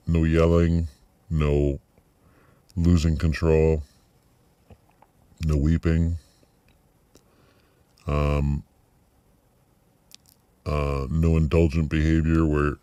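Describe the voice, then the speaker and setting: A middle-aged man with an extremely low, deep voice muses aloud in a personal video diary. He pauses often, circles back and restarts his sentences. The sound is dry and close, with almost no room echo. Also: dark tone, clean tone. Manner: reflective, halting with many fillers and restarts. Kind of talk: personal vlog monologue.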